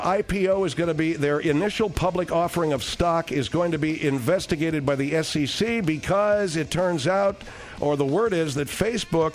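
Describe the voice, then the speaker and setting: A man hosting a radio talk show, telling rambling, digressive stories with frequent restarts. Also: on the high side.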